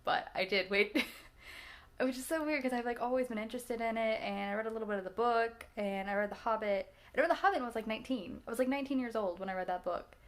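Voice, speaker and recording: A woman's voice: a little high, fast. A woman in her twenties chatting casually about movies she just watched, rambling, laughing often and restarting her sentences. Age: 20s. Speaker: vlogger reacting to films.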